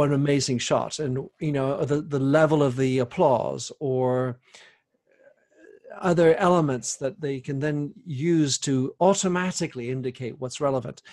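A man hosting a podcast interview works his way through long, winding questions. He restarts himself often and leans on fillers as he thinks aloud, in a voice of ordinary pitch for a man. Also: a little mellow. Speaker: podcast host.

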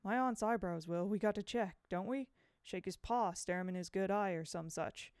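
A woman's voice: mid-range voice, normal speed, darkish tone, clear, resonant tone, no room sound, studio quality, lightly acted. A woman voicing a bold, brash young boy in an audiobook reading. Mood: determined. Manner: brash and offhand. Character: bold adventurous boy, cocky and calm.

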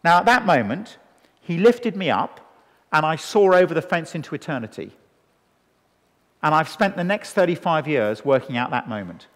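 At a moderate pace and with a fairly high-pitched voice, a man in his fifties preaches as an evangelist before a live church-hall audience. He brings his stories to life by acting out the conversations, and the sound carries a long hall reverb.

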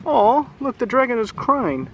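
Eager little girl, excited and squeaky, voiced by a man reading aloud, noisy outdoor take. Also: measured pace, dull audio, full character voice. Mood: concerned. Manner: excited, high and bright.

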